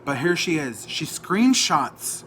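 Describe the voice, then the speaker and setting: A man from Dallas, Texas, rants straight to camera in an agitated, indignant tone. His voice is sharp and forceful, with a pressed, tense edge. A faint noise sits underneath. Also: a little high, very animated, slow. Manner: agitated, indignant, retelling a dispute. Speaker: vlogger. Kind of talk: heated personal rant to camera.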